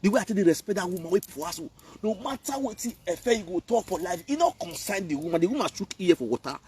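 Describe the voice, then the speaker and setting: A man's voice: high-pitched, lively intonation, fast talker, darkish tone, breathy edge, distant mic. A man from Benin, Nigeria, speaking Nigerian Pidgin English, who rants and scolds in a preachy live video commentary. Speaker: online commentator.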